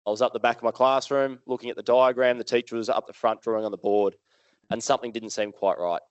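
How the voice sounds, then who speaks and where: An Australian man speaks to a live audience in a smooth, resonant voice at an ordinary middle pitch. He tells his story in a casual, lively way and keeps turning questions back to the crowd. The sound is dry and close, with almost no room echo. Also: quick pace, muffled recording. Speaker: motivational speaker. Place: live event hall with audience.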